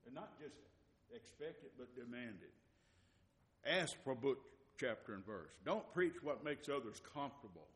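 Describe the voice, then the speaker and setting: Preacher guy hammering his points over and over, echoey church hall, mid-pitch voice. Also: expressive, moderate pace. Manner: emphatic, repetitive, rises to near-shouting for emphasis. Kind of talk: sermon. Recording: long reverb of a church hall.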